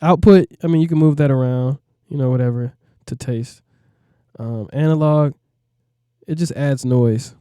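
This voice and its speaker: A man's voice: medium pitch, measured pace, dark tone, clear, resonant tone, no room sound, studio quality. A man, a music producer, walking through a plugin in a laid-back, rambling way, often asking "you know what I mean". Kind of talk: casual tutorial walkthrough.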